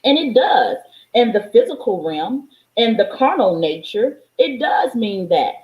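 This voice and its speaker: In an echoey room, a spiritual vlogger delivers an emotional monologue in a mid-range, sing-song, darkish voice, speaking a little slowly. Fervent, preachy, and profane, she sounds close to tears.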